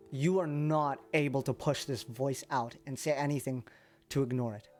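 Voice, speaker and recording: A man narrating as game master of a tabletop game, talking casually and haltingly, with many fillers. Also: mid-range voice, steady tone, a little mellow, faint music behind.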